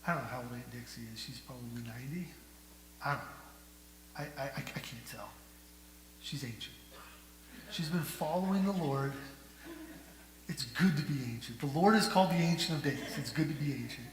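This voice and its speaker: A male pastor preaching a sermon, asking the congregation rhetorical questions and moving between hushed and loud delivery. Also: medium pitch, normal speed, long pauses. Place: church sanctuary. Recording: echoey church hall with faint hum.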